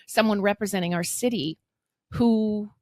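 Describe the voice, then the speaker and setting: A woman in her fifties, a mayor from Canada, telling animated stories in an interview and acting out what people said. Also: medium pitch, moderate pace, no room sound, clean studio sound. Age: 50s. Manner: animated retelling with acted-out quotes. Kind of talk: storytelling interview guest.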